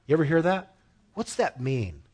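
A man preaching a sermon in a conversational way, asking the listeners questions and growing animated as he tells stories. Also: on the high side, normal speed, breathy edge. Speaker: pastor.

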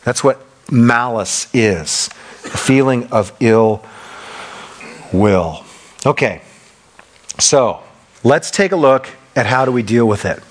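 A middle-aged male pastor preaching a sermon, repeating key phrases and swinging between loud, emphatic bursts and quieter asides. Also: medium pitch, lively intonation, slow pace, pauses often. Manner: loud when passionate.

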